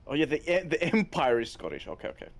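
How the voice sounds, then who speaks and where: A man's voice: on the high side, big pitch swings, fast, gravelly. A man chatting casually on a game stream, easygoing and agreeable, often repeating himself.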